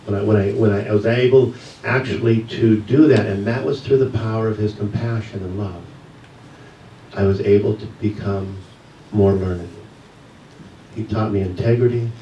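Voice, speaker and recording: A man who teaches yoga, giving a church message as a personal story, told with pauses and soft laughs. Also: on the low side, steady tone, muffled recording, slight background noise. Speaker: guest speaker, yoga teacher. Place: church sanctuary. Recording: echoey hall, mic from a distance.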